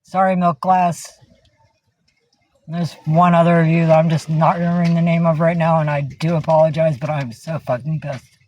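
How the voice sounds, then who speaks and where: With a low, steady voice at normal speed, a woman on a casual livestream inside her minivan veers from cursing angrily at her viewers to cooing baby talk at her cats.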